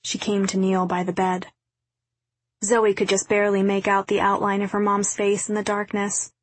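Husky, flat-voiced woman reading a novel. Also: medium pitch, moderate pace, dry recording. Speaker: audiobook narrator. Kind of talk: scripted narration.

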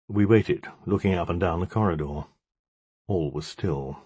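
A man's voice: sits low, lively intonation, normal speed, warm tone, breathy edge, no room sound. A man narrating a story in a wry, dramatic storytelling manner. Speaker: audiobook narrator. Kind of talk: scripted narration.

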